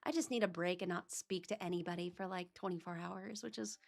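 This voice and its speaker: A woman's voice: on the low side, steady tone, a little fast, vocal fry, darkish tone. A woman streamer chatting casually on a livestream, talking to herself as she searches for files. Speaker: VTuber streamer.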